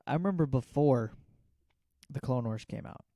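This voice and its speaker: A man's voice: mid-range voice, expressive, normal speed, warm tone, no room sound. A man in his twenties co-hosting a podcast, chatting in a laid-back way. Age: 20s. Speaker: podcast co-host. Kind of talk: casual chat.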